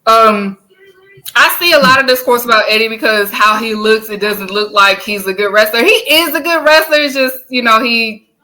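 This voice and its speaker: Bright, high-voiced Southern woman. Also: moderate pace. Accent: Southern American. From American South. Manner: animated storytelling, laughs often, swears casually. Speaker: podcast co-host. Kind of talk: casual chat.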